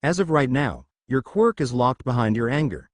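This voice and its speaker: A man voicing a calm, soothing middle-aged male doctor with a confident, measured manner in a storybook reading. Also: mid-range voice, dry recording, clean studio sound, close to an everyday voice.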